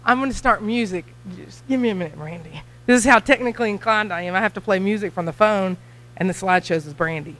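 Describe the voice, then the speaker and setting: A young woman with a Kentucky accent giving a church mission talk, chatty and nervous, talking fast. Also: medium pitch, a bit bright, poor audio. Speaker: missionary guest speaker.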